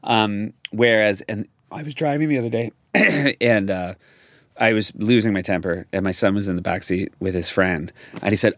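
A man's voice: sits low, moderate pace. A middle-aged man chatting in an interview, rambling and self-deprecating with lots of restarts. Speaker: guest, comedy writer. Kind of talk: casual interview chat.

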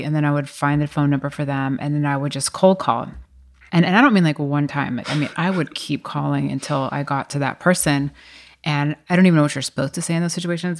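A woman being interviewed, telling her business story in an animated, self-deprecating way and laughing often. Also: sits low. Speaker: guest, wine business co-founder.

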